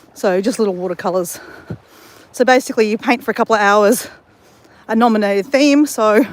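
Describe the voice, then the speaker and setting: An Australian woman chatting casually to viewers while walking on a beach, rambling and answering viewer comments. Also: on the high side. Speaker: vlogger. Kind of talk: casual walking live stream chat. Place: beach, outdoors.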